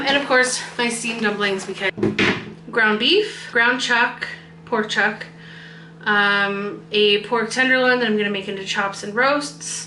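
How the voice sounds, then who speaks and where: Chatty bright-voiced mom vlogger. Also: female voice, mid-range voice, reverberant, slight background noise, rough recording. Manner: chatty, rambling, trails off in filler words. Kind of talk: casual haul chat. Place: home kitchen.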